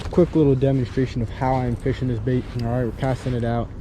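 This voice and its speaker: A man's voice: medium pitch, flat delivery, fast, background noise. Young male vlogger, slangy, rambling, chatty. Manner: slangy, laughing often, rambling. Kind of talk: casual vlog chat.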